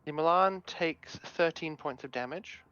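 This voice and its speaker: A man's voice: fairly high pitch, a bit bright, clean tone, no room sound. A man narrates a tabletop game as game master, stumbling through fillers and restarts. His voice comes through a dull, dry, muffled mic, as on an online call. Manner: halting, with many fillers and restarts.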